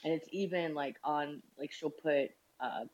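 A man in a casual group chat who rambles hesitantly and fills his sentences with pauses. His voice sits a little high. It comes through a dull, lo-fi line. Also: a little mellow. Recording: dull lo-fi remote audio.

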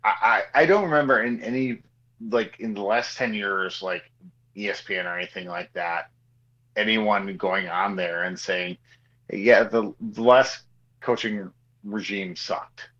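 A man co-hosting a sports podcast, riffing in an animated, joking way and repeating himself. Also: on the low side, moderate pace. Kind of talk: casual sports talk. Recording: slightly dull, lo-fi mic.

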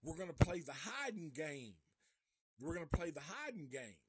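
A man voicing a protective middle-aged mother, gentle and coaxing. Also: fairly high pitch, sing-song, normal speed, background noise. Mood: soothing.

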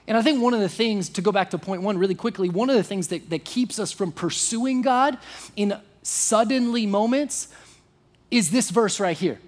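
A man's voice: high-pitched, moderate pace. A young man preaching a sermon in a conversational way, full of fillers and restarts, acting out quoted voices. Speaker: pastor.

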